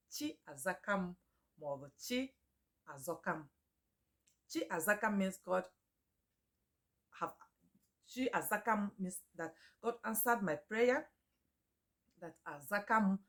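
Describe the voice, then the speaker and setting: A woman teaching names in a casual chat, repeating each one slowly and laughing often. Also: fairly low pitch. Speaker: Igbo language teacher. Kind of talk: casual spoken lesson.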